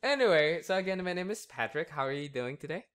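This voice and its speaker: A man working as a hypnotist, talking slowly and softly through a hypnosis induction and then chatting and laughing with his subject. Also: a little high, lively intonation, background noise. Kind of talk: hypnosis session.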